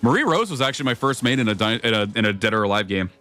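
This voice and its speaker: A man's voice: medium pitch, sing-song, racing, pushed and bright, faint music behind. A young man streaming a video game, chatting casually with his viewers, swearing often and rambling between thoughts. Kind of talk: casual gameplay commentary.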